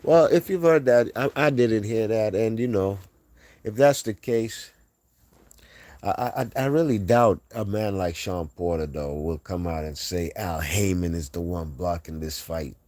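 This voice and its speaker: A man's voice: fairly low pitch, a little slow, darkish tone, dry recording. A man hosting a casual boxing livestream, reading chat aloud and talking trash.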